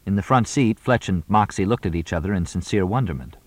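A man narrating an audiobook with an expressive reading. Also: low voice, brisk, no echo. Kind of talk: scripted narration.

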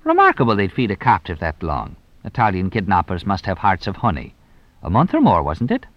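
A man's voice: deep voice, huge pitch swings, a little fast, no room sound, lo-fi sound. A man voicing a shrewd, teasing police inspector who probes with dry, mock-innocent questions. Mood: sly.

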